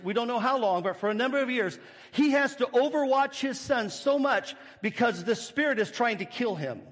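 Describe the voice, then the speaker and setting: A man with a high, light voice preaches to his congregation, explaining a scripture passage. He leans on rhetorical questions and acts out little scenes. His words ring out with a long reverb, as in a large hall. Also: a bit bright. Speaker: pastor. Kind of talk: sermon.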